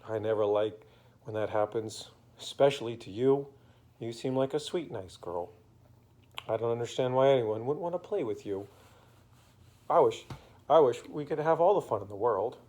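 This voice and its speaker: A man voicing a kind, gentle old gentleman who speaks in a friendly, comforting, slightly sing-song way in an improvised bedtime story. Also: medium pitch, animated, normal speed, lightly acted.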